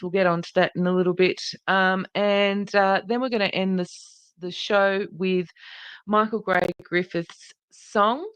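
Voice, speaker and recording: A woman's voice: medium pitch, a bit bright, smooth, no room sound. A woman hosting a podcast livestream in a casual, chatty way, greeting viewers by name and speaking earnestly and indignantly. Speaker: podcast host.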